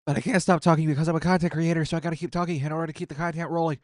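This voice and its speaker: A man's voice: on the high side, fairly even intonation, very fast, dry recording, clean studio sound. A man streaming a game while eating painfully spicy wings, sweating, teary and groaning in exasperation as he keeps commenting. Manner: groaning and exasperated, talks through suffering. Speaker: gaming content creator. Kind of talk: casual gameplay commentary.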